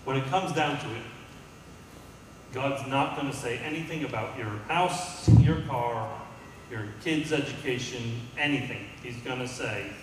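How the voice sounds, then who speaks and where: A man's voice: mid-range voice, measured pace, a little hiss or hum. A man preaching a sermon as pastor, calling out to the congregation and building to emphatic peaks. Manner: call-and-response, rising to emphatic peaks. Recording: echoey hall from far off.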